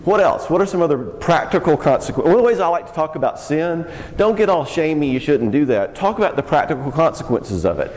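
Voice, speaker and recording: A man teaching youth workers in a casual, frank talk, joking and throwing in quick asides. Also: on the high side, a little mellow. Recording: long hall reverb.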